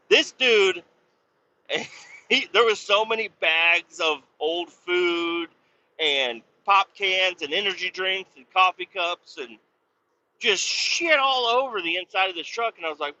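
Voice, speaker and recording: Guy venting about work, swears a ton, real bright sharp voice, kinda lo-fi. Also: high voice, lively intonation, slow. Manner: profane, rambling rant. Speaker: podcast host. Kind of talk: casual storytelling. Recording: slightly dull lo-fi sound with faint noise.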